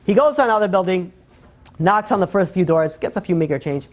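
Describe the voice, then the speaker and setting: Animated rabbi telling a story. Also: male voice, high-pitched, brisk. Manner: animated storyteller, voices the people in his story; frequent fillers and restarts. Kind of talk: storytelling sermon.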